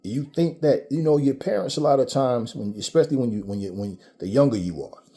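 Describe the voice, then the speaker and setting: Blunt, profane man ranting with a mellow tone. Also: fairly low pitch. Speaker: vlogger. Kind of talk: ranting commentary monologue.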